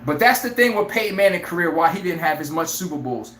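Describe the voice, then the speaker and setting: Brash, laughing live sports-stream host. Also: male voice, on the high side, fast talker, roomy sound, slight background noise. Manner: brash, animated, laughs often, acts out players' lines. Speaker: sports talk show host.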